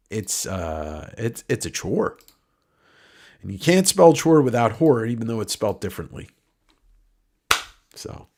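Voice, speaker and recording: A man hosting a livestream giveaway, talking casually in a nasal voice, rambling and joking with the odd curse. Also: mid-range voice. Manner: rambling, joking, swears freely. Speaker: livestream host.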